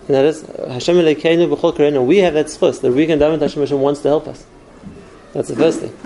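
A man's voice: on the high side, steady tone, quick pace, dark tone, slight background noise, rough recording. A man giving an earnest spoken Torah class, explaining step by step with numbered points. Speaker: Torah teacher.

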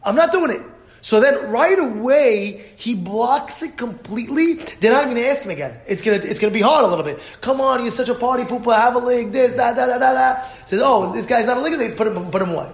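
A man teaching a Torah class as a rabbi, animated and full of rhetorical questions, acting out quotes. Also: very high-pitched, fast, gravelly, reverberant.

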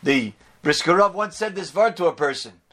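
A man's voice: on the high side, lively intonation, moderate pace, sharp tone. A man teaching a religious lecture, repeating points emphatically and using Hebrew and Yiddish terms. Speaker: Torah teacher.

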